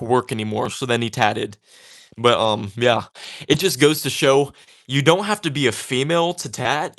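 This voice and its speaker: A young man talks casually as he works on a craft, in a chatty and easygoing way. He sounds a little defiant, brushing off critics, and his speech is loose and full of fillers and restarts. His voice sits at an ordinary middle pitch. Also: a bit bright. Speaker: tatting creator. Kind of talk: casual talk while crafting.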